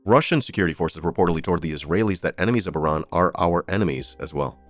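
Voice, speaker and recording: A man's voice: low voice, expressive, fast, dry recording, soft background music. A man hosting a live stream of political news commentary, reading out headlines with sarcastic, profane asides. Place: streaming setup.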